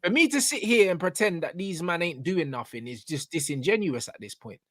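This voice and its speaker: Passionate football fan, dry mic. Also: male voice, a little high, animated, fairly quick, a bit bright, dry recording. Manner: passionate, swears, repeats "do you know what I'm saying". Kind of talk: casual football debate.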